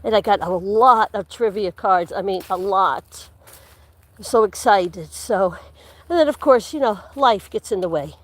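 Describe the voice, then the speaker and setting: A woman's voice: mid-range voice, unhurried, no echo. A woman hosting a livestream, chatting casually and rambling as she walks through the woods. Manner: chatty, rambling, laughs often, drops to a whisper at times. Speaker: livestream host. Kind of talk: casual chat while walking outdoors. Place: walking through woods outdoors.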